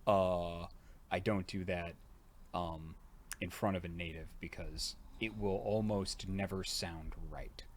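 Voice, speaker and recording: A man's voice: low-pitched, steady tone, slow pace, a little hiss or hum. A man with a tired jaw chatting casually on a livestream, rambling with lots of fillers. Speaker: streamer and voice actor.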